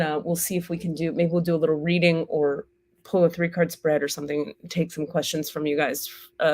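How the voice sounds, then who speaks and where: A woman teaching on a live stream in a candid, casual way, swearing freely and acting out the inner voices she describes. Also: on the low side. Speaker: spiritual teacher and healer.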